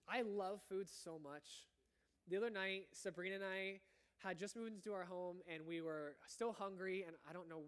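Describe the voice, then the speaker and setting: A young man preaching a sermon to his church in a casual, chatty way, often correcting himself. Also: high-pitched. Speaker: pastor.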